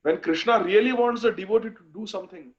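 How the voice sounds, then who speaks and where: A man giving a devotional scripture lecture, chanting verses slowly and speaking with fervent emphasis. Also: high-pitched. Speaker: speaker in a scripture class series. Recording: dull lo-fi recording.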